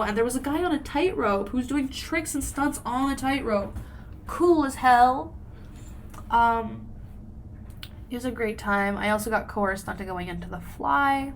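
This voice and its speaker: A woman's voice: a little high, slight background noise. A young woman co-hosting a podcast, telling a long casual story with lots of "like" and fillers. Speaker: podcast co-host. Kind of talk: casual chat.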